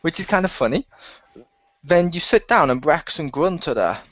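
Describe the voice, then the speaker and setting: A man hosts a gaming podcast and rambles through an animated story, laughing often. His voice sits a little high. The recording is muffled and lo-fi, with a dry room. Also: moderate pace, dry recording. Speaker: podcast host. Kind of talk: casual chat.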